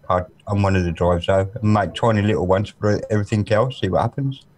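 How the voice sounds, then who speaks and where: Halting man on a video call. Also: fairly low pitch, darkish tone. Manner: halting, repeats words while explaining details. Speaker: call-in participant. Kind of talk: casual tech chat on a video call.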